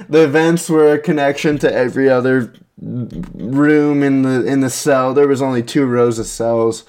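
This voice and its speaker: A man's voice: medium pitch, moderate pace, darkish tone. Profane, rambling young man telling stories. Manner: profane, rambling, frequent restarts and chuckles. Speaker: storyteller. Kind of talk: casual anecdote monologue.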